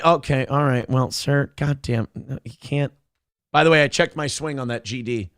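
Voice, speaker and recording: A man's voice: medium pitch, normal speed. A man hosting a morning show, commenting sarcastically on a viral video and laughing at it.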